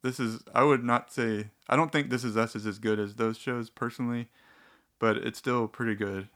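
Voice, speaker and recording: A man's voice: mid-range voice, steady tone, moderate pace, a bit bright. A young man chatting casually about shows he watches, rambling with restarts and dry, wry asides. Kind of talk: casual TV show recommendations.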